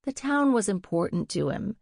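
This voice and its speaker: Woman reading an audiobook, steady and even, kinda gravelly, dry studio sound. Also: mid-range voice, moderate pace, dry recording. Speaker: audiobook narrator. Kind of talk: scripted narration.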